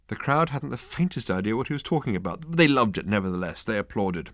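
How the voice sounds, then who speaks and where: Wry, lively male audiobook narrator. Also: fairly low pitch, fast talker, few pauses, dry recording. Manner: dry, wry storytelling.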